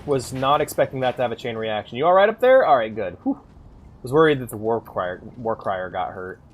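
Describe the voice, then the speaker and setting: A streamer giving casual, excited gameplay commentary, swearing and laughing often. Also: medium pitch, a little fast. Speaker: game streamer.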